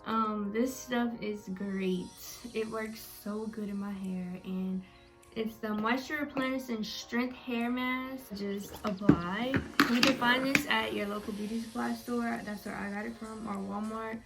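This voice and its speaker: A woman's voice: fairly high pitch, steady tone, unhurried, over loud music. A young woman chatting casually to her viewers as she walks them through her hair-care routine. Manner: chatty, talks straight to viewers. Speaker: beauty vlogger.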